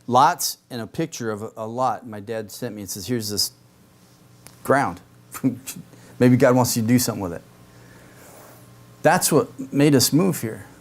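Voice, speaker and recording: A man, a pastor, preaching an expository sermon with casual conversational asides to the congregation. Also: medium pitch.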